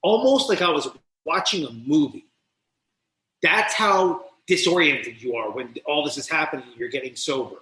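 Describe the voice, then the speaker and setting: With a bright, forceful voice pitched fairly high, this podcast guest from New Jersey, who works as a recovery mentor, shares his personal story at a moderate pace in an interview. He swears freely and animatedly performs the voices of people he quotes. The space sounds roomy and echoey.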